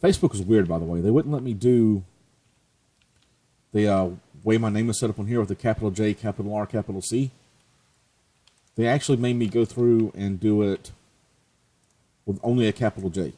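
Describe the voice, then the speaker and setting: A man's voice: on the low side, moderate pace, pauses often, dark tone. A man hosting a let's play, chatting casually and joking at his own expense as he plays. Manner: chatty, joking, self-mocking. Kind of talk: casual gameplay commentary.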